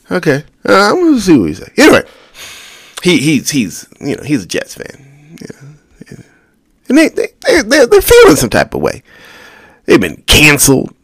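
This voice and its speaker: A man's voice: medium pitch, dry recording, studio quality. A man hosting a solo podcast, rambling casually with crude jokes and asides to himself. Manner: rambling, jokey, crude asides, talks to himself while scrolling. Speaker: podcast host.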